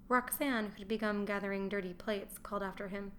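A woman reads a historical novel aloud in a steady, measured way. Her voice sits mid-range, and a faint hiss of background noise runs under it. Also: mid-range voice. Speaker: audiobook narrator. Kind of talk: scripted narration.

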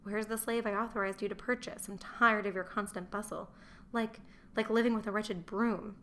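A gruff, portly Roman merchant grumbles with open contempt for his wife, as a woman reading the audiobook voices him. His talk is blunt and scornful, with a mid-range voice and a faint hiss of noise behind it. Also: medium pitch, fairly even intonation, normal speed, fairly bright tone, lightly acted. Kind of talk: audiobook character voice.

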